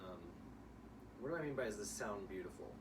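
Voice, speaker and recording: A young man teaching a child violin in a relaxed, casual way, explaining ideas and singing short examples. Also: on the low side, brisk. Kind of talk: casual one-on-one music lesson. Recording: distant room mic with noise.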